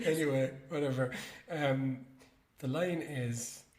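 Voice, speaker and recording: A man co-hosting a podcast in relaxed, casual chat who laughs often and introduces audio clips. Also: mid-range voice. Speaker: podcast co-host. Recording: echoey room.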